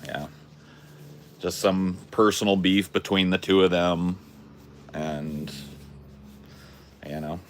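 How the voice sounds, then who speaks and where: A man with a very deep voice hosts a casual chat, relaxed and easygoing. He mostly chimes in with short reactions and follow-up questions. Faint background hiss. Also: slow pace, pauses often.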